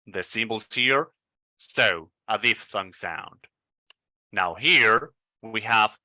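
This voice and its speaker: A man whose first language is Spanish, coaching English pronunciation in an online lesson and repeating each word slowly to model its sound. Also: lowish voice, bright, forceful tone, dry recording. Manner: slow, repeats words over and over to model sounds. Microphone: video call.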